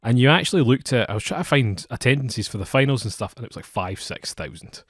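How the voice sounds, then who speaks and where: A man co-hosting a football podcast, musing aloud in a relaxed way with dry humour. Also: medium pitch, fast talker, slightly rough, no echo. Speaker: podcast co-host. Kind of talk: casual chat.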